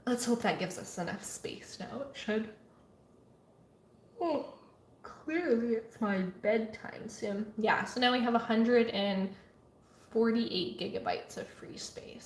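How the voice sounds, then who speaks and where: A woman artist talking casually and chattily through her computer work, at times dropping to a soft murmur. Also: fairly high pitch, echoey room, slight background noise. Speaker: artist vlogger. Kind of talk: casual vlog talk. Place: home art studio.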